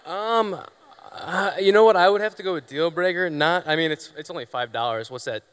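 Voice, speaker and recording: A man's voice: sits high, a little fast, clear, resonant tone. A man who is a guest on a live comedy panel, arguing his points emphatically. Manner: emphatic, argues loudly. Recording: reverberant live venue.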